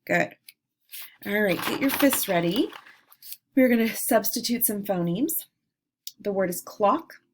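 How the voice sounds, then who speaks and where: A woman teacher leading a phonics lesson, saying words and breaking them into sounds slowly and clearly. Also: mid-range voice, lively intonation, a little hiss or hum. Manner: slow, clearly segmented sounds. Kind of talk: phonemic awareness lesson.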